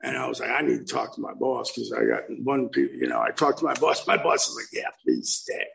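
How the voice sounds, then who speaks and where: Gravelly man telling his story. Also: mid-range voice, quick pace, poor audio. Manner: animated storytelling with acted-out quotes. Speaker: recovery meeting speaker. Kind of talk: personal story at a meeting. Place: meeting room.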